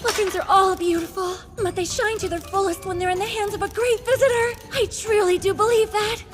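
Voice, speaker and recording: A woman dubbing an excitable, weapon-obsessed young anime heroine with gushing, breathless enthusiasm. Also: extremely high pitch, fairly quick. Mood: tender. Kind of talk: anime English dub. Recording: with background music.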